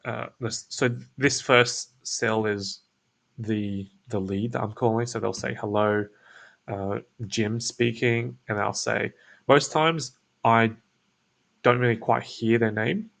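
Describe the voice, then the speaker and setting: A man's voice: medium pitch, takes it slowly, creaky, fairly bright tone. A man hosting his own show, explaining a sales script in a casual screen-share walkthrough, laid back and full of restarts and fillers. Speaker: SEO business owner and show host.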